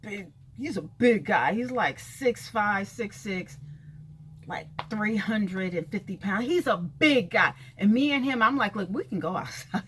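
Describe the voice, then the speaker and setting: A woman's voice: medium pitch, animated, measured pace, fairly bright tone, slight background noise. A woman venting in a casual video rant, blunt and sassy, cursing freely and talking straight to people she calls out. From California. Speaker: vlogger.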